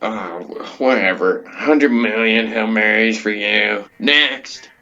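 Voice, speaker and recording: A man hosting a comedy podcast, deadpan and zany by turns. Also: lowish voice, takes it slowly, muffled recording. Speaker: comedy show host. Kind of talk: comedic character host.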